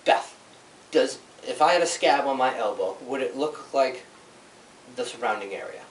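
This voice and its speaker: A male chiropractor leads an informal health workshop for a small audience in an office, speaking conversationally and often checking in with "right?" He tells stories animatedly with sound effects in a mid-range voice at a moderate pace. The room is echoey, the mic distant, with a little hiss or hum.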